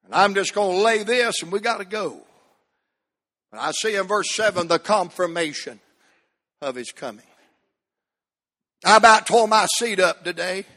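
A man preaching a sermon, rising to shouts and dropping to near whispers. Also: high-pitched, expressive, moderate pace, pauses often. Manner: Southern preaching cadence, swinging from shouts to hushed tones. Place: church sanctuary. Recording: long hall reverb.

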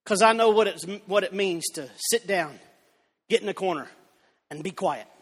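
A man preaching a revival sermon in a church, moving from storytelling into shouted fervor. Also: high voice, moderate pace, breathy edge. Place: church sanctuary. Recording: long church reverb.

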